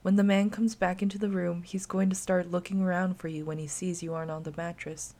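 A woman voicing the gentle ghost of a young girl, speaking softly and calmly to reassure. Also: on the low side, a little fast, close to an everyday voice. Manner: soft, calm, reassuring.

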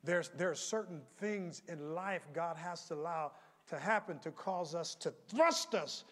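A man preaching a sermon as pastor, moving from quiet storytelling to shouted calls. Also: fairly high pitch, unhurried. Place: church sanctuary. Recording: long hall reverb.

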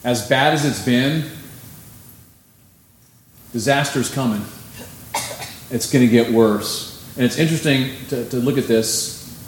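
Male pastor, casual animated sermon voice, roomy church sound, light background noise. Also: mid-range voice, takes it slowly, pauses often. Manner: conversational, animated preaching with sudden emphasis. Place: church sanctuary. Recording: echoey room, faint ambience.

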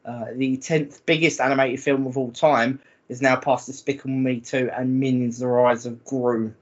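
A man co-hosting a gaming podcast, chatty and quick to reel off figures. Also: mid-range voice, little pitch movement. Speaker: podcast co-host. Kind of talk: casual chat. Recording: dull lo-fi audio.

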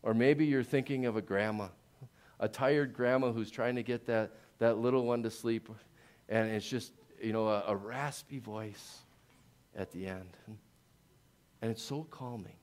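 A male pastor preaching a sermon, dropping to slow hushed lines and building to loud rising peaks. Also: medium pitch, steady tone. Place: church.

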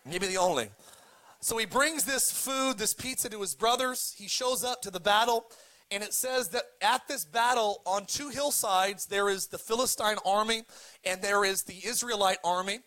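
A man's voice: sits high, moderate pace, bright, forceful tone. A man preaching a sermon as pastor, cracking jokes, retelling scripture casually and having the congregation repeat words back. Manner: joking, leads the congregation in call-and-response.

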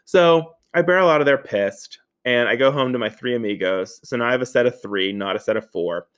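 A man from the Pittsburgh area telling a comedic personal anecdote, animated and profane, laughing often and acting out what people said. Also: medium pitch, a little fast. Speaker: storyteller.

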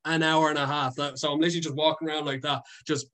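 Rapid-fire and flat in delivery, this young adult male voice sits on the high side with a fairly bright tone. A content creator and guest, he rambles casually through a story, swearing often, using many fillers, and laughing frequently.

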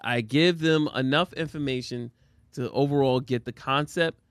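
A man's voice: mid-range voice, normal speed, no echo. A man co-hosting a casual chat, a father who laughs often and teases his friend. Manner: laughs often, teasing exclamations. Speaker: podcast co-host; father of a son and daughter.

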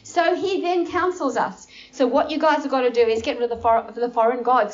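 A woman teaching the Bible informally to a small group indoors, animated and acting out the characters. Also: high voice, fairly quick, hardly any pauses, lo-fi sound. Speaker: preacher.

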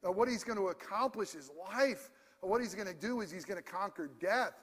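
A man's voice: high voice, animated, fairly quick, fairly bright tone, husky. A man preaching a sermon as pastor, passionate and emphatic yet conversational. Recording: long hall reverb.

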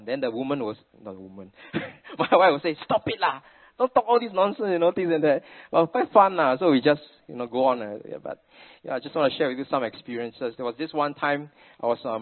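A middle-aged man with a Singaporean English accent gives a sermon at a middle pitch, full of chatty family stories and Singlish particles. The sound is thin and tinny, as if it came down a phone line. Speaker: preacher.

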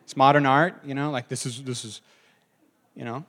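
A man's voice: mid-range voice, steady tone, normal speed, fairly bright tone. A man preaching a sermon in a conversational way, often asking the congregation questions. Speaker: pastor.

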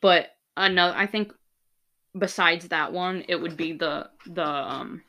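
A woman's voice: lowish voice, unhurried, pushed and bright. A young woman co-hosting a podcast, telling stories animatedly in casual chat and swearing freely. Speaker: podcast co-host.

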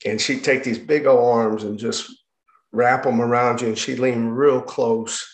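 Man, mid-pitched, halting testimony full of pauses and restarts, roomy room sound. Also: little pitch movement. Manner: halting, with many restarts and fillers. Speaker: speaker sharing his life story. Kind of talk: personal testimony. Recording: roomy echo.

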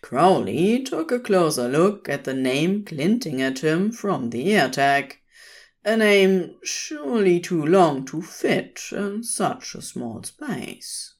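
A woman reading fan fiction aloud as a podfic, with expressive storytelling. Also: on the low side, slow pace. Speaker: podfic reader.

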